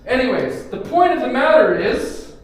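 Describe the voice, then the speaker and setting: A male pastor preaching a casual, joking sermon in a church, with props and sudden bursts of loud emphasis. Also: very high voice, big pitch swings, normal speed. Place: church sanctuary. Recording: very echoey room, faint background hum.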